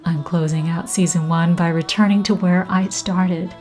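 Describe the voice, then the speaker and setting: A woman hosting her podcast in slow, soft scripted narration that often drops to a whisper. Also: on the low side, fairly even intonation, soft background music, poor audio. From Canada. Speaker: podcast host.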